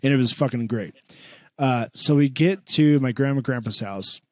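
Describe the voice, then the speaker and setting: Man, podcast co-host, animated comic storyteller, dry close mic. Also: moderate pace, dry recording. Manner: animated, swears a lot, voices his mom in a high pitch. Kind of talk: comedic storytelling.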